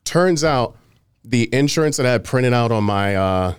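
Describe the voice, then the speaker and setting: A man's voice: mid-range voice, moderate pace, smooth, no room sound, studio quality. A man casually telling a story on a podcast, acting out what others said and swearing freely. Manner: animated, acts out quoted exchanges, swears freely.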